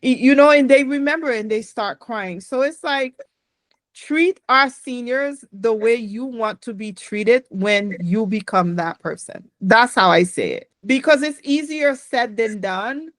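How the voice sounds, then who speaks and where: Earnest woman host, kinda high voice, dry close sound. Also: unhurried, no echo. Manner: earnest, reflective. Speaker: podcast host. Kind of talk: casual podcast conversation.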